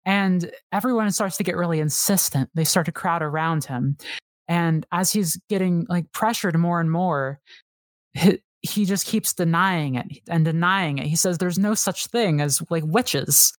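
A woman on a podcast talks casually and eagerly, piling on fillers and restarting her sentences. Her voice sits a little low. The sound is dry and close to the mic. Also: a little slow, dry recording. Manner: enthusiastic, rambling with many fillers and restarts. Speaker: podcast guest. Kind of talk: casual chat.

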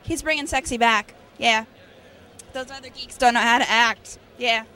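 A bubbly woman chatting flirtily with a host on a busy convention floor. Her voice is high and very bright, with a quick, sparkling edge. She keeps it casual and playful. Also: fairly even intonation. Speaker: show regular in costume. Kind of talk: casual chat.

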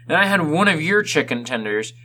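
A man's voice: fairly high pitch, very animated, fairly quick, bright, forceful tone. A man co-hosting a casual podcast, ranting with exaggerated complaints. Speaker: podcast co-host.

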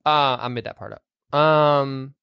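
A man's voice: mid-range voice, steady tone, sharp tone, smooth, no room sound. Podcast co-host, male, loose rambling recap, swears freely, dry close mic. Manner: rambling, swearing, quick to laugh. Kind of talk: casual movie-recap chat.

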